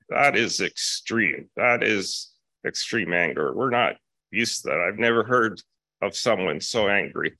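A man delivers a sermon in a lowish, forceful voice, steady and deliberate, returning again and again to his key phrases. The sound is close and dry, with no room around it. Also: creaky, no room sound. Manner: measured, repeats key phrases for emphasis. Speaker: preacher.

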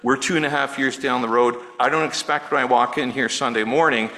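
A middle-aged male pastor preaching a sermon in an earnest, personal way, dropping low and quiet on words of grief. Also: steady tone, fairly quick, poor audio. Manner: earnest, personal, softening to near-hush on grief.

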